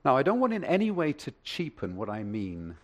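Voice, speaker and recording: A man's voice: mid-range voice, wildly swooping pitch, brisk. A male pastor preaching a sermon, telling a story with acted asides and the odd stammer.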